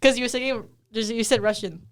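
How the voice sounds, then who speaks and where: A young woman co-hosting a casual chat, speaking in a relaxed way with lots of fillers. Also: on the high side, fairly quick, no echo, studio quality. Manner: relaxed, easygoing, many fillers. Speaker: podcast co-host.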